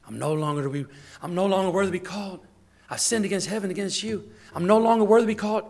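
A man's voice: high voice, quick pace, darkish tone. A man preaching, voicing a repentant lost young man who talks to himself in a pleading way.

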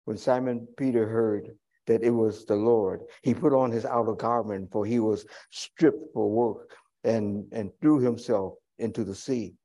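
A male pastor delivering a sermon in a dark, mellow voice. He talks to the congregation in a folksy, chatty way, drifting into humorous asides and plain everyday comparisons. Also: fairly low pitch, steady tone, a little slow.

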